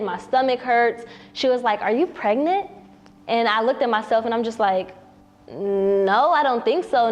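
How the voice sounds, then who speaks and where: A young woman telling her personal story in a casual way, often saying "you know what I'm saying" and acting out what others said. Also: on the high side. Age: young adult. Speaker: young mother interviewed on camera.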